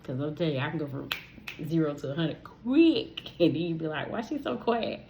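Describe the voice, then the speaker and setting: A woman's voice: deep voice, sing-song, normal speed, dull audio, a little hiss or hum. A young adult woman hosting a podcast, chatting casually and expressively, talking straight to her listeners and laughing easily. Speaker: podcast host. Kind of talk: casual solo podcast chat.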